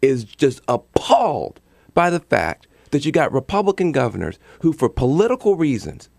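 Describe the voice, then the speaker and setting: A passionate man speaks as a studio guest in a dry, close room. His gravelly voice swings widely in pitch, and he drives his points with emphatic repetition. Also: sing-song, moderate pace, a little mellow, no echo. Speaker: political commentator guest. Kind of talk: studio talk-show interview. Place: radio studio.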